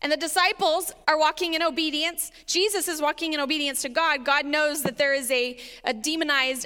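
A woman's voice: high voice, sharp tone. A woman preaching a sermon, reading scripture aloud and animatedly acting out the voices in it, laughing along with her congregation. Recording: reverberant hall.

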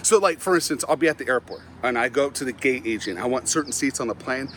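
A middle-aged man, a Christian motivational speaker, telling humorous stories about himself in an animated, self-mocking way and often laughing at his own tales. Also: mid-range voice, fast talker, a little hiss or hum. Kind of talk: humorous storytelling talk.

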